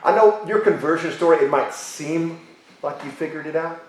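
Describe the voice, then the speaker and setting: A man preaching a sermon as pastor, emphatic, repeating key phrases and slowing down for stress. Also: on the high side. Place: church sanctuary. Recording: very echoey church hall.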